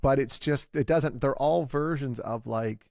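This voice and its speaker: A man in his forties, talking in a halting, confessional way, with many restarts, as a guest in a candid conversation. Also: mid-range voice, gravelly, a little mellow, no room sound, studio quality. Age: 40s.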